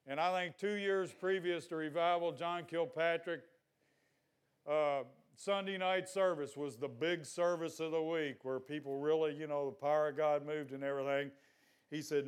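An older man preaching a sermon in a folksy, exhorting way, at times breaking into loud shouts. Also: fairly high pitch, clear, resonant tone.

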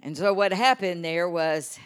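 Older lady preacher, fired up, goes quiet then loud, lots of amens. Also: fairly low pitch, measured pace, clean tone. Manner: impassioned, swinging from hushed to exclaiming; storytelling with frequent amens. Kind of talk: sermon.

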